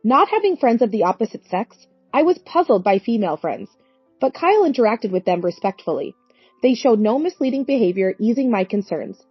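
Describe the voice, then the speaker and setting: A woman's voice: a little high, husky, dry recording. A woman in her forties narrating a story in an earnest, plaintive way. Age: 40s. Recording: dry, dull lo-fi recording.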